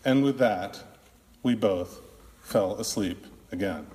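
A man who is a minister, preaching a sermon in a slow, deliberate way with long pauses, in what sounds like a church. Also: lowish voice, a little mellow. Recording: long reverb of a large hall.

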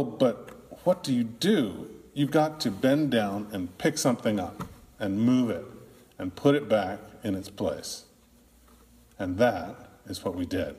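A man who is a minister, preaching a sermon in a slow, deliberate way with long pauses, in what sounds like a church. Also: lowish voice, darkish tone. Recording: long reverb of a large hall.

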